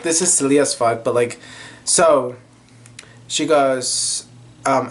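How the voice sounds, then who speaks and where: A young man chatting casually to camera, giggling and gushing, often reading passages aloud. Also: mid-range voice. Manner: chatty and animated, gushing with giggles and filler words. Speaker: vlogger.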